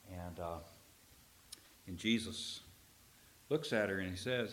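A man preaching a sermon as pastor, telling a story with animated swings from loud emphasis to a near whisper. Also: low-pitched, unhurried, pauses often, slight background noise.

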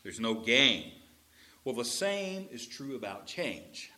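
Bright, animated preacher man. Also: medium pitch, takes it slowly. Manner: animated preaching with folksy asides. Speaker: pastor. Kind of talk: sermon.

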